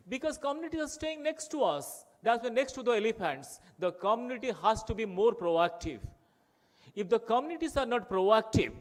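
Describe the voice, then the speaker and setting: A man from Odisha with an Odia-accented Indian English, giving an impassioned, rhetorical conference speech full of repetition. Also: high-pitched. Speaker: conference speaker.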